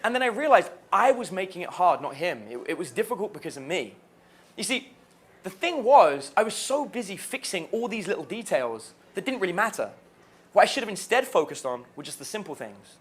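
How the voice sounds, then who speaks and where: A man, a dating coach, telling stories about a student in an animated way, laughing as he goes. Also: sits high, fairly quick, slightly rough. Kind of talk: storytelling to camera.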